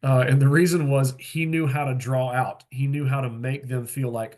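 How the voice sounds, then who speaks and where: Relaxed man mentoring young pastors. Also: medium pitch, normal speed, hardly any pauses. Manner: relaxed and plain-spoken, with frequent fillers and asides. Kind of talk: conversational teaching talk. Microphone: video call.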